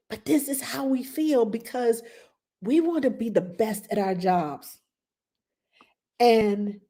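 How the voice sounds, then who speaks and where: A middle-aged woman, a nanny, giving passionate advice in a casual talk, sometimes acting out parents and children in a higher voice. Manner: passionate, animated, acts out quotes in a high voice.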